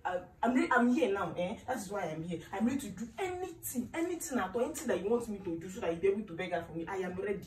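A woman plays a desperate young village woman who pleads and apologizes. She talks fast. The recording is distant and echoey. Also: medium pitch, animated, natural voice. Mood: eager. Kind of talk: skit acting. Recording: echoey room, distant mic.

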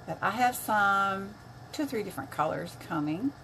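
A woman's voice: medium pitch, lively intonation, normal speed, fairly bright tone, slight background noise. An older woman chatting casually on a makeup live stream, greeting viewers by name as she works.

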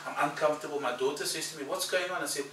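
Animated pastor preaching in an echoey hall. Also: male voice, on the high side, very fast, slight background noise. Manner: animated storyteller, acts out dialogue, laughs at own story. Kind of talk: storytelling sermon. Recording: echoey hall, mic at a distance, background ambience.

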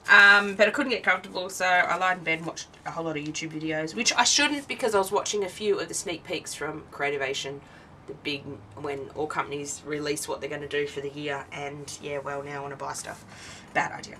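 Her voice sits low, bright and forceful, and she talks briskly while displaying her crafts. The tired Australian host rambles casually and breaks off mid-sentence, recorded far from the mic with poor audio and slight background noise.

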